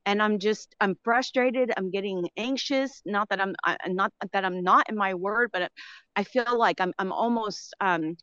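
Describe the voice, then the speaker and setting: A woman's voice: mid-range voice, normal speed, a bit bright, clear, resonant tone, no room sound. A middle-aged woman calling into a show, talking emotionally and rambling with many fillers. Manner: rambling, emotional, frequent fillers and nervous laughs. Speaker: caller. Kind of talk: call-in conversation. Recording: dull lo-fi line.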